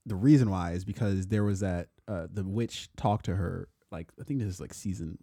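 A man with a low, warm, mellow voice co-hosts a relaxed podcast chat. He talks loosely, swears freely and laughs often. The sound is close and dry. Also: normal speed, no echo. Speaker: podcast co-host. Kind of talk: casual chat.

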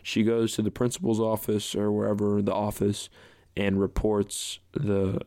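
A young man hosts a podcast, telling a personal story in a casual, rambling way with many restarts and fillers like "you know" and "like." His fairly low, mellow voice is completely flat and a little slow. The studio recording is clean, with no room sound.

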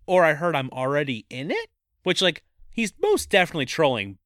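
A man's voice: fairly high pitch, wildly swooping pitch, fairly quick, a bit bright, no echo, studio quality. A man co-hosting a podcast in casual chat, playful as he reads trivia aloud. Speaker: podcast co-host.

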